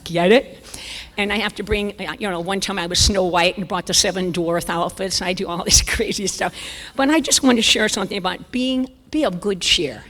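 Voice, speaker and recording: A woman in her seventies giving a conference talk, a lively, self-mocking storyteller. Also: medium pitch, normal speed, a little hiss or hum. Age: 70s. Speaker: conference speaker. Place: church sanctuary. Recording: reverberant church hall.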